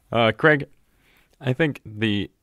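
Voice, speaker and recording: A man's voice: mid-range voice, background noise. A man co-hosting a podcast in casual chat, laid-back and joking, with frequent hesitations. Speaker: podcast co-host.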